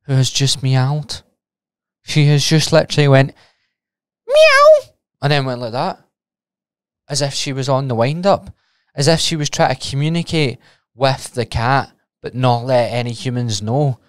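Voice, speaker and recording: A man's voice: medium pitch, moderate pace, pauses often, clean tone, dry recording, studio quality. A Scottish man hosting a solo podcast, talking casually and rambling off on tangents, with the odd swear. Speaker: podcast host and personal trainer.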